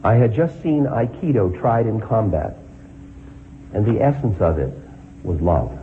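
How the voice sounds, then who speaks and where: A man's voice: on the low side, lively intonation, a little slow. A man reading a story aloud, then reflecting on it as a spiritual teacher and questioning his listeners. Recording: phone-like line with faint noise.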